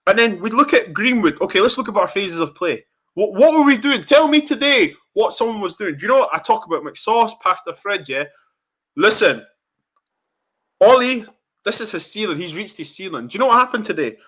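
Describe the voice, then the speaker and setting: A young man hosts a football reaction chat and rants in anger, swearing often. His voice sits high and swings widely in pitch. The tone is bright and forceful. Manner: angry, ranting, swearing, animated. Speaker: fan channel host.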